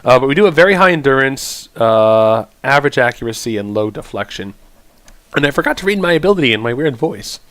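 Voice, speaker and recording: A man hosting a let's play, with a lively voice that moves up and down a lot. He reads game text aloud, trips over strange words and thinks out loud between choices. The recording is dry and close, with no room sound. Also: mid-range voice, a little fast, no room sound. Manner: thinks aloud, stumbles over odd words while reading. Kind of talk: casual gameplay commentary and reading game text aloud.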